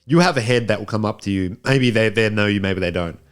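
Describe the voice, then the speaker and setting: Aussie guy on a podcast, lowish voice, chatty, keeps restarting his sentences. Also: fast talker. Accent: Australian. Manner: repeats words and restarts often, animated. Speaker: podcast co-host reviewing a film. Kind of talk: casual chat.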